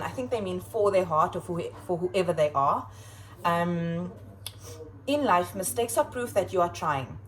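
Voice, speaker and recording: Chatty woman teacher with a lively voice. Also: on the low side, slight background noise, poor audio. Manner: chatty and expressive, playful asides. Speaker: schoolteacher. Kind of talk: casual vlog chat reading kids' quotes aloud. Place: home kitchen.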